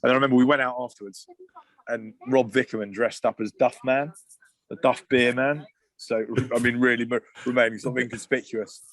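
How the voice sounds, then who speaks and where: A man in his thirties telling loose, animated rugby stories in casual podcast chat. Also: medium pitch, a little fast, no echo. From England. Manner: animated, swearing anecdotes with asides and restarts. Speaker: guest, former rugby player.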